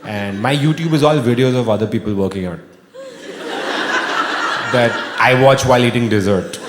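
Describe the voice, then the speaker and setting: A man in his thirties with an Indian English accent, performing a stand-up comedy set and jumping into high, shouty voices for his friends. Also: normal speed. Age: 30s. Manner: animated, acts out friends in sudden high-pitched bursts. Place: large venue with live audience. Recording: echoey hall with audience noise.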